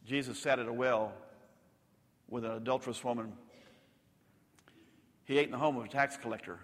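A male pastor preaching a sermon, rising to loud emphatic peaks and dropping to soft, intimate lows. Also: steady tone, moderate pace. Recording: long hall reverb.

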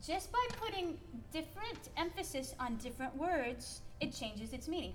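A woman's voice: sits high, lively intonation, normal speed, hardly any pauses, distant mic, a little hiss or hum. A woman from Minnesota with a Minnesotan accent, giving a chatty piano lesson with playful emphasis and laughing asides. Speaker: piano teacher. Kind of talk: workshop lesson on piano playing.

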